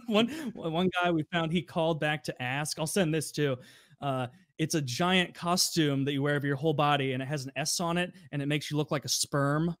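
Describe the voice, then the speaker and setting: A young man tells raunchy work stories on a podcast, loose and profane. He slips into other people's voices to act out scenes. His slightly high voice sits close and dry on the mic. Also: normal speed, dry recording. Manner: animated, profane, acts out customers in raised voices. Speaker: podcast co-host telling stories. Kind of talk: casual storytelling.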